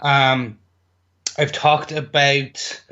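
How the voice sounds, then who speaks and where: A man co-hosting a film review podcast, running briskly through a list of trivia with fillers. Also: mid-range voice, little pitch movement, sharp tone. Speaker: podcast co-host. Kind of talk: casual film trivia rundown. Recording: dull lo-fi sound.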